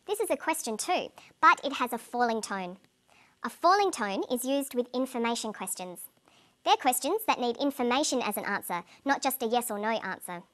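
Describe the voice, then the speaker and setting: Woman english teacher, higher voice, clear scripted explaining. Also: a bit bright. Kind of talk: scripted lesson narration.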